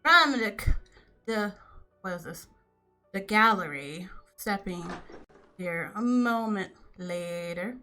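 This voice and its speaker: A woman narrating a tabletop role-playing game as game master, animated and often laughing. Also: mid-range voice, slow pace, long pauses, soft background music.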